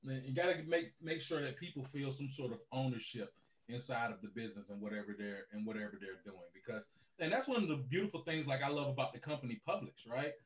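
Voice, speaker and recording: A man's voice: mid-range voice, fast. A man who owns a car rental business, talking animatedly as a podcast guest and tagging his points with "right?". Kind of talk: casual podcast conversation.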